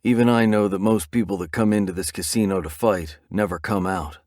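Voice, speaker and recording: A man's voice: sits low, steady tone, brisk, darkish tone, no room sound, clean studio sound. A man narrating a romance audiobook in first person, tense and gritty.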